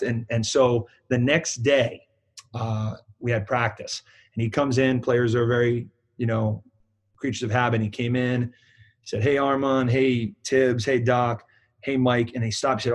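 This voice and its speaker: A basketball program director with a New England accent tells a long anecdote in a casual interview, full of fillers and restarts. His mid-range voice has fairly even intonation and moves at normal speed.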